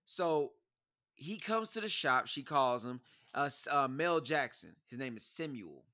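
A young man co-hosting a casual chat, slangy and animated, acting out quotes as he tells stories. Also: medium pitch, unhurried. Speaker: podcast co-host.

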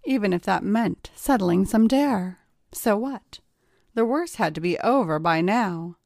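A woman reading a scripted first-person story in a steady, confessional storytelling manner. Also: medium pitch, unhurried, gravelly, dry recording, clean studio sound. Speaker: story reader.

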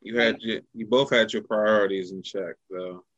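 A man hosting a casual podcast chat, chiming in with brief, low-key remarks. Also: fairly even intonation, normal speed, a bit bright. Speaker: podcast host. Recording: dull, lo-fi sound.

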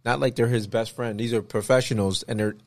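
A man co-hosting a casual chat, talking in an animated way and acting out the people he talks about. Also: medium pitch, fairly quick, no room sound, clean studio sound. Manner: animated, acts out people he quotes.

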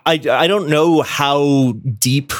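A man's voice: a little high, steady tone, takes it slowly, no echo, studio quality. A man with an upper Midwest American accent co-hosting a casual podcast, talking in wry, rambling asides. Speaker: podcast co-host.

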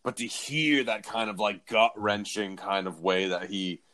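A man's voice: on the low side, fairly even intonation, unhurried, sharp tone. A man co-hosting a casual music chat, reflective, searching for words as he explains a sound. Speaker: podcast co-host.

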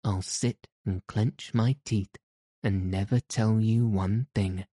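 A man voicing a stubborn, sharp-tongued young girl with blunt, sour retorts. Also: lowish voice, fairly even intonation, slow, no room sound, clean studio sound. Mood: defiant.

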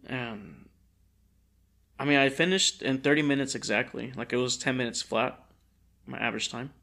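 A man's voice: mid-range voice, moderate pace, vocal fry, pushed and bright. A young man co-hosting a podcast in casual chat, slangy and laughing as he tells stories. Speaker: podcast co-host.

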